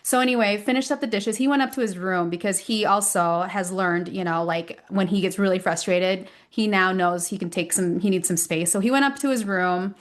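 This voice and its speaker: A woman in her thirties chatting on a parenting podcast, animated and expressive. She tells stories at a natural, mid-range pitch and jumps higher when acting out what others said. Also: a little fast, hardly any pauses. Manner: animated storyteller, acts out quotes with rising pitch. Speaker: podcast co-host. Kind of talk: casual parenting podcast chat.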